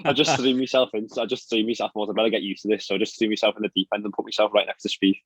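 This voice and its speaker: A man's voice: lowish voice, fairly even intonation, slightly rough, dry recording. A young man, a professional golfer telling stories in a casual podcast chat, with lots of fillers. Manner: fast, chatty storytelling with frequent fillers and laughs. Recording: dry, dull lo-fi sound.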